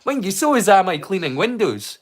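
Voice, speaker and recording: A man's voice: sits high, very animated, a little fast. A man with a Scottish accent hosting a live watch-along, chatting in a rambling way and breaking into song. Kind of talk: casual chat.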